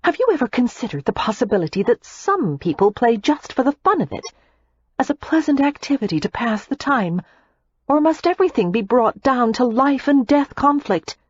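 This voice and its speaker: A woman narrator voicing a spirited, quick-tempered young American heiress, speaking breezily and indignantly. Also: fairly high pitch, very animated, husky, dry recording, highs cut off, pitched above the performer's own voice.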